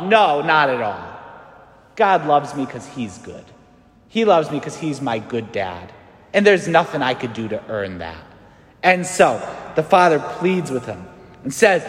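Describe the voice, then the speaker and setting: Animated priest preaching in an echoey church. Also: male voice, fairly high pitch, moderate pace. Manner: animated, acts out quoted voices. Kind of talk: sermon.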